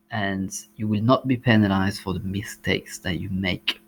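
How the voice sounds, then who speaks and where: Low-voiced man with a French accent. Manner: explanatory, pauses often with ums and uhs. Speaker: language teacher. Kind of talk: exam tips presentation.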